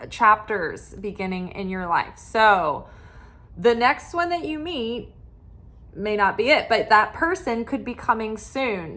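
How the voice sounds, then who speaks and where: A woman's voice: medium pitch, pushed and bright. A middle-aged woman giving spiritual love advice as a tarot reader, talking animatedly and acting out the voices of people she quotes.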